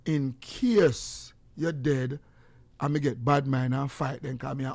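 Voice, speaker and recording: A middle-aged man with a Jamaican accent hosting a call-in radio talk show, excitable and preaching, swinging from loud to hushed. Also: mid-range voice, takes it slowly, gravelly, no echo.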